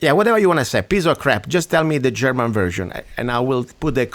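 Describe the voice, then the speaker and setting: A man's voice: mid-range voice, lively intonation, fast talker, a bit bright, slight background noise. A man with an Italian accent hosting a radio talk show, ranting emphatically in broken English. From Italy.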